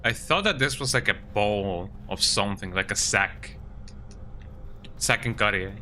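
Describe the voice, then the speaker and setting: Sick with a cold, a man streams a video game, chatting in a laid-back way and tagging his lines with "eh?". His voice is fairly low, sharp, and a little slow, with slight background noise.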